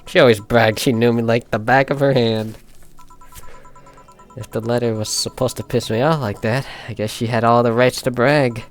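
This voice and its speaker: A man voicing a weary, anxious young woman bartender in a fan reading of a visual novel, talking in halting, stammering, self-mocking bits. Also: medium pitch, steady tone, faint music behind, natural voice. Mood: wry.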